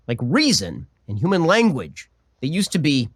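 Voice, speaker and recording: A young man hosts a political show in a mocking, sarcastic tone. His voice sits a little high and swings widely in pitch. His delivery is animated throughout. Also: normal speed, no room sound, studio quality. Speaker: political talk show host.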